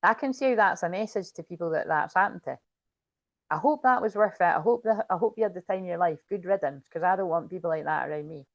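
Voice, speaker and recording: A woman's voice: lowish voice, quick pace, dry recording. Woman rambling on her livestream, swears a lot, dry close mic. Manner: chatty, swears freely, quotes others in a lively way. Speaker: spiritual reader and livestream host. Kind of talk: rambling casual livestream chat.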